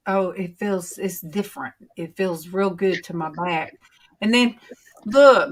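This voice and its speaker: Slow, rambling woman. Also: medium pitch, fairly bright tone. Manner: rambling, homey, drawn-out storytelling. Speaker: livestream host. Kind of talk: casual chat to viewers.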